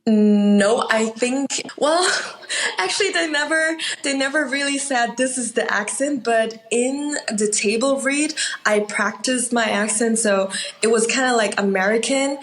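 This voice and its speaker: An Austrian actress, a native German speaker with a German accent, chats casually as a guest in an interview, laughing often between filler words. Her voice is fairly high and fairly bright, and the recording is rough.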